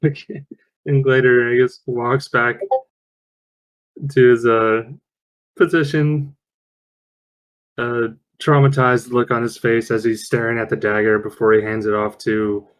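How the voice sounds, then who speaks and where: A man's voice: mid-range voice, flat delivery, measured pace, long pauses, low-quality recording. A man playing a tabletop game, describing his character's actions with hesitant, stammering speech. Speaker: player. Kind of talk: casual tabletop game chat.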